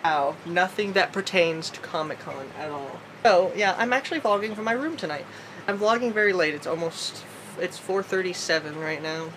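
A woman's voice: fairly low pitch, moderate pace, noisy background. A woman vlogging alone from her bedroom at night, rambling in a silly way with sudden squeals and sing-song bits. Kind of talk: goofy solo vlog.

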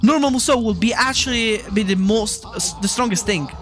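A man's voice: high-pitched, normal speed, fairly bright tone. A man hosting a gaming channel, chatting casually over gameplay, rambling, repeating himself and getting heated and swearing.

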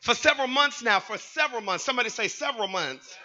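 Male pastor, very high and piercing voice, fervent call-and-response preaching. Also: animated, fast talker, dull audio. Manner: fervent, rising to shouts, sing-song phrases. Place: church sanctuary.

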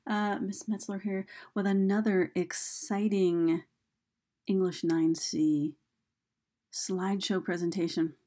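A woman's voice: mid-range voice, steady tone, takes it slowly, warm tone. A woman teacher giving a recorded slideshow lesson, chatty and full of ums and uhs. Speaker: high school English teacher.

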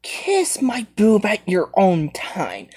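A woman improvises a playful toy role-play at an unhurried pace. Her pitch leaps up and down as she plays. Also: huge pitch swings, darkish tone, husky. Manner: swings between squeaky high and low put-on voices.

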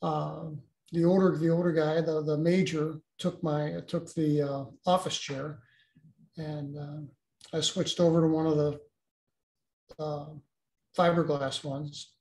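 An older man, a guest, recounting a personal experience in a halting way with many restarts. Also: on the high side, level tone, darkish tone, echoey room, slight background noise.

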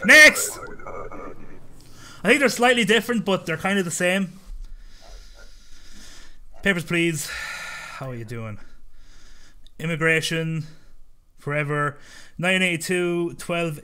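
A man talks through his game in a sharp, bright voice pitched a touch high. He jokes, mutters to himself and flares into mock outbursts full of swearing. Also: smooth. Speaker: let's play host. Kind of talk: gameplay commentary.

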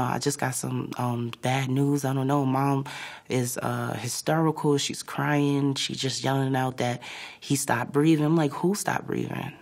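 A young woman giving a halting, reflective personal testimony for a documentary, often pausing on "like" and "you know.". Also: a bass voice, vocal fry, darkish tone. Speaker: interviewee.

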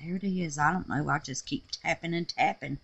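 A woman's voice: sits low, fairly quick, vocal fry, fairly bright tone, husky, dull audio. A woman chatting through a soap-making vlog, gushing and exclaiming and calling her viewers honey and babies. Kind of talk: casual craft vlog chat.

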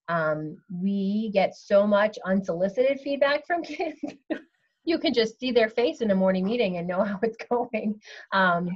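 A woman school official, giving measured updates on a video call with many ums. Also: medium pitch, expressive, lo-fi sound. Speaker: school superintendent. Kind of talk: virtual meeting update.

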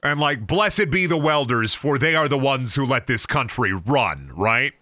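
A man's voice: mid-range voice, animated, unhurried, bright, forceful tone, no room sound, studio quality. A young man casually commentating his video game stream, swearing and riffing mockingly on what he sees.

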